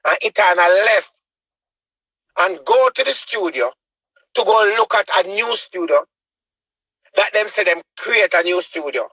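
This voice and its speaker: A man with a Jamaican accent delivers a preachy rant. He repeats himself and keeps asking rhetorical questions. His voice sits a little high and sounds husky, with a sharp, forceful edge in a dry, close setting. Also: expressive, unhurried, long pauses, no room sound, rough recording. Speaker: online show host. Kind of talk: ranting commentary.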